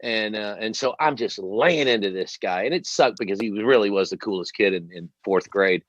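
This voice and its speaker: A man hosting an interview, telling a long story in a rambling, animated way and swearing freely. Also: fairly low pitch, a little fast, no room sound. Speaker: host. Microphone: headset. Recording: dull lo-fi dry sound.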